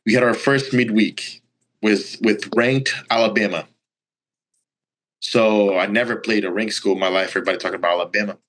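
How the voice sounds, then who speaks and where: A young man from Brazil, telling stories as a guest in a casual interview, animated and full of "like" and "you know". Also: on the low side, fairly quick. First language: Portuguese. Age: young adult. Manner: animated, acts out quoted lines, filler-heavy. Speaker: college baseball player, guest. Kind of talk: casual storytelling.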